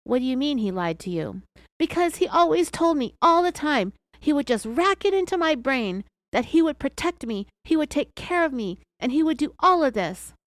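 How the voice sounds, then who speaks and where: A woman's voice: medium pitch, expressive, fast, hardly any pauses, mellow, no room sound, natural voice. A woman voicing a tearful suspect who pleads in a whiny, raised voice. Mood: tearful pleading. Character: sobbing woman suspect, pleading and self-pitying.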